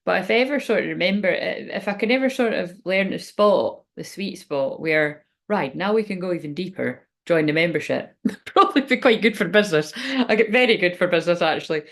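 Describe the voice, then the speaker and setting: A woman's voice: lowish voice, animated, a little fast, a bit bright. A woman speaking as a spiritual reader in a rambling, frank livestream chat, swearing now and then.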